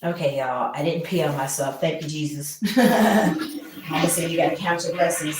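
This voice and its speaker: A woman's voice: deep voice, fairly even intonation, normal speed, background noise. A woman hosting a live stream, chatting casually and emotionally with her viewers and giving prayerful thanks. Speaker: livestream host.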